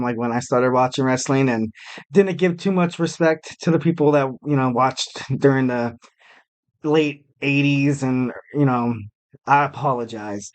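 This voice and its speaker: A man hosting a solo podcast, talking casually in a rambling, self-deprecating way with lots of fillers. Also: on the high side. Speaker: podcast host.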